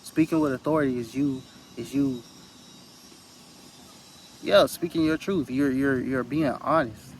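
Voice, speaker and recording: A man's voice: mid-range voice, measured pace, long pauses, a little hiss or hum, poor audio. A man giving an earnest, rambling motivational talk into his phone outdoors, repeating phrases for emphasis. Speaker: spiritual vlogger.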